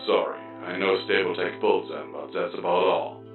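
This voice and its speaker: Crackling through a beat-up flying robot, a man puts on a dry, matter-of-fact male voice, steady in tone and at normal speed. It comes across low and muffled with static, as if from a cheap mechanical speaker in a large room, while plucked guitar plays clearly behind.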